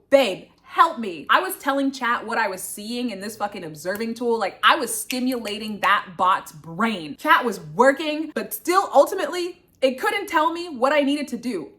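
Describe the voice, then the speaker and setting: Animated young woman telling a storytime. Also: on the high side. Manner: animated, swearing, quotes her own panic. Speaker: grad student storyteller. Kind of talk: casual storytime vlog.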